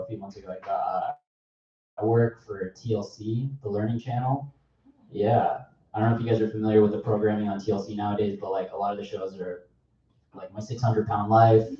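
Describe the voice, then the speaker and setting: Young male comic, casual self-mocking stand-up, mid pitch, recorded from afar with dull sound. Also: mellow. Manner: offhand, rambling, self-mocking. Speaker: stand-up comedian. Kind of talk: stand-up set. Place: comedy club stage. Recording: echoey, distant, dull live club recording.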